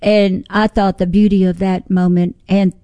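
An older woman, a singer-songwriter, telling lively personal stories in an interview, acting out what others said. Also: mid-range voice, moderate pace, clean tone, no room sound. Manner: animated, folksy storyteller acting out quotes. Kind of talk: storytelling interview.

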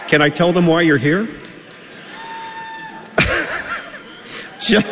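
A man announcing a live radio show, introducing acts and reading sponsor copy and audience shout-outs in a smooth emcee manner. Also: on the high side, slow, long pauses, slight background noise. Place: large live venue. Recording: long hall reverb with faint music.

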